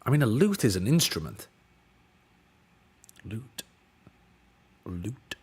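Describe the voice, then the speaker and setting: A man's voice: fairly low pitch, big pitch swings, slow, darkish tone, slightly rough. A man from the UK, a streamer, thinking aloud while solving word puzzles, exasperated and swearing now and then. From United Kingdom.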